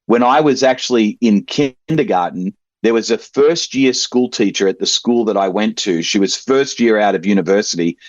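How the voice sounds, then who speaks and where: Guest spot: Australian man, accent drifting American, low voice, relaxed storyteller, dry and muffled call audio. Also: moderate pace, hardly any pauses, no echo. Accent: Australian, softened toward American. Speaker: interview guest. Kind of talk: casual interview over a video call. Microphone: video call.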